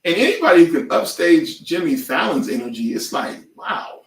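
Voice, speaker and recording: A man co-hosting a podcast in casual chat, animated and prone to loud outbursts and impressions. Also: fairly high pitch, moderate pace, roomy sound, distant mic. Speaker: podcast co-host.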